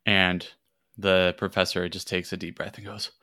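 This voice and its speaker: A man runs a tabletop role-playing game, narrating scenes in a casual, meandering way full of ums and restarts. His voice sits a little low yet sounds bright and forceful. The mic is close and the sound completely dry. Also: flat delivery, brisk, dry recording. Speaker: game master.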